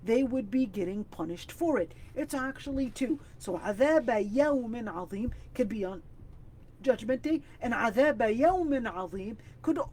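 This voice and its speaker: A woman teaching an online Quran exegesis class. She explains each word carefully and recites the Arabic passages quickly and with emphasis. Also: fairly high pitch, dark tone, a little hiss or hum. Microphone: video call.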